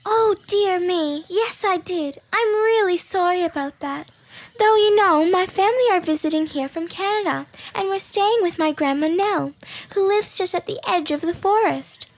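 A woman's voice: very high-pitched, normal speed, pitched above the performer's own voice. A woman voicing a polite, apologetic little girl in a storybook. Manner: sweet, apologetic.

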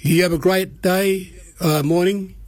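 Aussie guy preaching on the radio, earnest and plain, repeats stuff, kinda high voice, dry studio sound. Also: fairly even intonation, measured pace, no room sound. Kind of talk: radio gospel message.

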